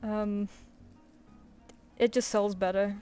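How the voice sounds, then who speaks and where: A woman's voice: mid-range voice, level tone, slow, dark tone, clean tone, faint music behind. A woman chatting casually with viewers while she draws on a live stream, rambling and laughing easily. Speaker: streaming artist. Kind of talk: casual chat while drawing.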